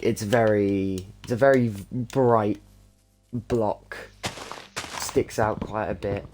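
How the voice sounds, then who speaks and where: A man's voice: lowish voice, a little mellow. A young man chatting and thinking aloud as he streams a game, rambling casually between tasks. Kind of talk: casual gameplay commentary. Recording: noisy with keyboard clicks. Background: keyboard typing.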